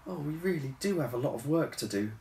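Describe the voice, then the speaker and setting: A brisk, bossy young woman with a raised, lively voice, as a man puts her on for a storybook. She sounds indignant and in charge. The sound is roomy and far from the mic. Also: fairly high pitch, creaky, pitched above the performer's own voice. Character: determined young woman, new hotel owner. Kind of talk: storybook reading. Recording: roomy, distant mic, faint hiss.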